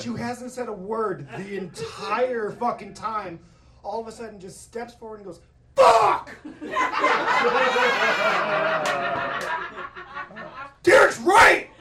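A male comedian tells a long, profane story on stage, his pitch swinging widely as he acts out screaming coaches. He sounds a little away from the mic, his voice echoing through the hall. Loud audience laughter keeps rolling in behind him. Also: animated, unhurried, recorded from a distance, heavy background noise. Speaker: stand-up comedian. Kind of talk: stand-up storytelling. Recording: echoey hall with crowd laughter, mic from afar.

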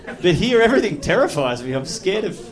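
An Australian man performing a stand-up comedy set on a club stage, animated and slipping into loud put-on voices. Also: high voice, a little fast. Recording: live club recording with crowd noise. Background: audience laughter.

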